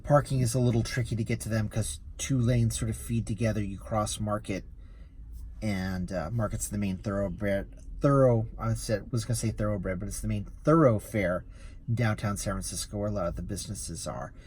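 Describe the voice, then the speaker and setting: A man's voice: fairly low pitch, steady tone, normal speed, darkish tone, slight background noise. A man who drives for rideshare, telling a story in a casual vlog, easily amused and rambling with restarts.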